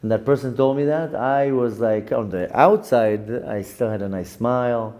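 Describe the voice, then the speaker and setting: A middle-aged man teaching as a rabbi, his voice mellow and dark in tone at a middle pitch. He talks candidly and animatedly about his own flaws, turning questions on himself. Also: normal speed. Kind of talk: spoken Torah lesson.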